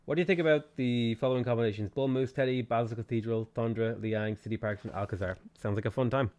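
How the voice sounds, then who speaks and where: An Irish man talks loosely through a game stream, picking up viewer messages and answering each one as he plays. His voice sits at an ordinary middle pitch, and he talks in a relaxed, rambling way. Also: fast talker. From Ireland. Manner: chatty, reads viewer messages aloud and answers them. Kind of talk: casual gaming stream chat.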